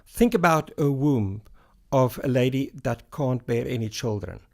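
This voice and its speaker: A middle-aged man with a gravelly, creaky edge to his voice speaks as a hair loss doctor in a podcast interview. He explains in a measured way, step by step, reaching for everyday comparisons. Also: medium pitch, animated, darkish tone.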